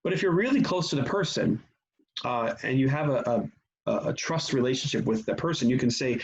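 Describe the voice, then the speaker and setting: A man teaching a church class on grief in a conversational manner, often pausing with fillers and restarting his sentences. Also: mid-range voice, animated, husky. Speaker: pastor. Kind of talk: teaching session. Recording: dull lo-fi sound.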